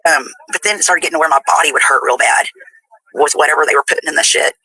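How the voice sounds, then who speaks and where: A woman with a husky voice tells a rambling personal story in a played clip, laughing as she goes. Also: low voice, quick pace, pushed and bright, no echo, low-quality recording.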